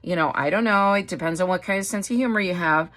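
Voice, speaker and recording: A woman's voice: on the low side, fast, fairly bright tone. Chatty, rambling woman craft vlogger. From Wisconsin. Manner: chatty, rambling, laughs often. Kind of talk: casual chat.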